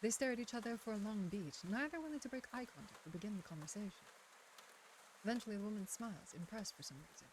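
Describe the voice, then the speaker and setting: A woman streamer reading a visual novel aloud, narrating and adding playful, excitable asides. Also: mid-range voice, fast talker, a little hiss or hum. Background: game music.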